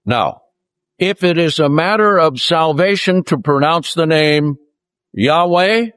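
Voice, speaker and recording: A man's voice: fairly high pitch, expressive, a bit bright, clear, resonant tone, no echo. Dry-voiced male preacher teaching from scripture. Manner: reads scripture aloud, slows down to stress key words. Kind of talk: Bible teaching sermon.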